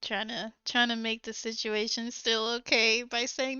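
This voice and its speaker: Giggly high-voiced woman, slow and bright. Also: little pitch movement, smooth, no room sound, dull audio. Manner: giggly, rambling storyteller. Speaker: art streamer. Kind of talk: casual chat during a live painting stream.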